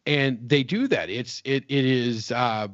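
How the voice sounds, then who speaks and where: A man's voice: mid-range voice, measured pace, a bit bright, no echo, dull audio. A man from West Virginia co-hosting a casual podcast chat, rambling and repeating himself with frequent laughs. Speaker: podcast co-host.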